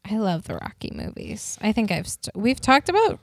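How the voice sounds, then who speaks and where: A woman co-hosting a podcast in casual chat, chatty and quick to correct and explain. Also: mid-range voice, sing-song, no echo, studio quality. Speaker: podcast co-host.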